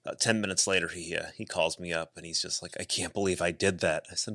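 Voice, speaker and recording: A man's voice: deep voice, steady tone, quick pace, few pauses, bright, forceful tone, no room sound, studio quality. A man co-hosting a podcast, telling an eager, laughing story in casual chat. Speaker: podcast co-host.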